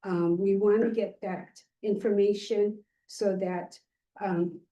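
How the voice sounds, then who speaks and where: An older woman gives remarks at a public board meeting, her voice mellow and rather dark. She rambles a little, padding her points with fillers. The mic sits well away from her, so the sound is distant and roomy. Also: medium pitch, fairly even intonation, takes it slowly, dull audio. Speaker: board member. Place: meeting, remote or room.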